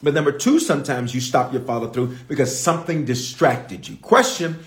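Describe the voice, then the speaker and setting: A man's voice: medium pitch, big pitch swings, fairly quick, echoey room. A man preaching a sermon as pastor, emphatic, repeating key lines and calling out to his audience. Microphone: streamed online service.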